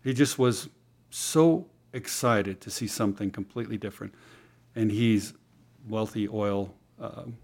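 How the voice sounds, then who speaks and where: Man, lowish voice, interview guest, casual storytelling, fillers and restarts. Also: measured pace, darkish tone.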